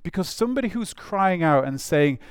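A man's voice: high voice, animated, moderate pace, smooth, no room sound, clean studio sound. A man preaching a conversational sermon, informal, often breaking into asides and acting out quotes. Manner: informal, with frequent "it's like" asides and acted-out quotes.

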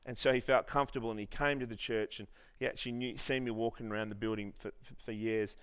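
A man's voice: medium pitch, fairly even intonation, quick pace, fairly bright tone, smooth. A man preaching a sermon, telling a story with many restarts and then leading the congregation in earnest prayer. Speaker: pastor.

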